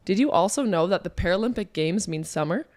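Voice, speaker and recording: A playful woman from Canada co-hosts a relaxed podcast chat, laughing easily between points. Her voice sits fairly low, and the recording is dry and close with no room sound. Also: quick pace, dry recording. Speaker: podcast co-host. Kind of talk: casual chat.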